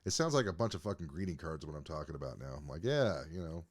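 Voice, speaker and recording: A man's voice: a bass voice, expressive, racing. A man co-hosting a podcast in casual chat, laid-back with sarcastic, profane asides. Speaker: podcast co-host.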